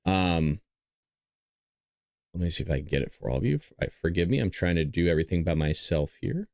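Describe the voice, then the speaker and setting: A man's voice: low voice, animated, brisk, a little mellow, dry recording, clean studio sound. A man hosting a podcast, talking casually and rambling to viewers while he plays his own video clips. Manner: rambling, talks straight to viewers. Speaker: podcast host.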